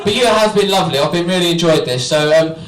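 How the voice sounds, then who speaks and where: A young stand-up comedian talks fast in a fairly high voice, joking at his own expense and engaging the crowd in a small venue. The recording is roomy and distant with a noisy background, and the audience can be heard laughing and cheering.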